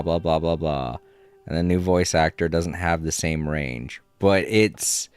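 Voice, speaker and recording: A man's voice: deep voice, smooth. A man streaming a game, chatting casually and rambling, laughing often and swearing a little. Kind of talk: casual live-stream chat.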